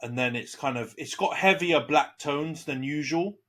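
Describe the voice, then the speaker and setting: A man's voice: a little high, normal speed, bright, forceful tone. A young man co-hosting a casual football podcast, often stumbling over repeated words. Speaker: podcast co-host, Man Utd fan. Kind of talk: casual banter about football.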